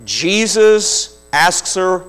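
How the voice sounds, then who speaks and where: A man preaching a sermon, retelling a scripture story vividly with slow, deliberate phrasing. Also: high voice, animated, fairly bright tone, clean tone.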